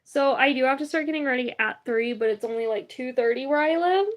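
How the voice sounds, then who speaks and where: A young woman livestreams in a high-pitched voice at a brisk pace, chatting casually, rambling, and laughing often.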